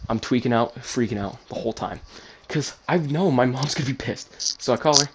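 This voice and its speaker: Animated man telling a wild story. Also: medium pitch, fairly quick, slight background noise. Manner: animated, swears, acts out quotes. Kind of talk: casual storytime.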